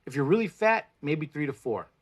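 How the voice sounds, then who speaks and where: A man's voice: a little high, sing-song, fairly quick, slightly rough. A man in his forties whose first language is Spanish, chatting bluntly on a livestream and swearing freely as he gives pep-talk advice. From Mexico. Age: 40s. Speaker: plant-based food vlogger. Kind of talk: casual livestream chat. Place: indoors, live stream.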